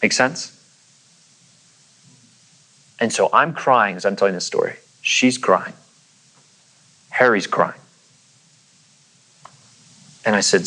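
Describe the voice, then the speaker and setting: A man's voice: fairly low pitch, slow, pauses often, sharp tone, rough recording. Man pastor telling a sermon story. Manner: conversational, acts out quoted voices.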